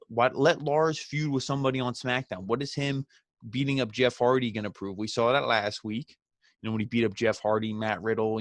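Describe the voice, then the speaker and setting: With a loose, sarcastic delivery, this man recaps a wrestling episode as a review host, keeping up mocking asides where he imitates the wrestlers. His pitch is ordinary and mid-range, his tone fairly bright. The sound is close and dry, with no echo.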